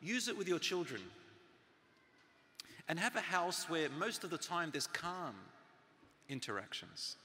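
A man in his forties giving a live talk to an audience, with loud and soft swings and near-whispered asides for emphasis. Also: fairly high pitch, sing-song, unhurried, pauses often, slight background noise. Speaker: speaker on parenting and teaching. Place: large hall with a live audience. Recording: long hall reverb from a live talk.

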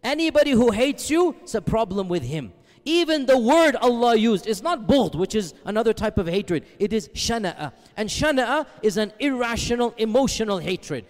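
A man delivers a sermon in a fairly high voice. He builds his points through emphatic repetition and careful explanation of Arabic terms. A long reverb trails behind his words. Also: lively intonation, normal speed. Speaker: preacher.

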